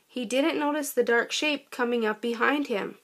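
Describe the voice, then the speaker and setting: A woman reading a children's storybook aloud in a gentle, expressive way. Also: a little high, moderate pace. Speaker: storybook narrator.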